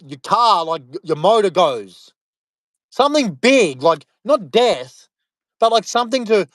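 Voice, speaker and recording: A man's voice: high voice, fairly bright tone, dry recording, studio quality. A man with an Australian accent talking casually to camera, rambling and emphatic with many fillers, turning preachy at times.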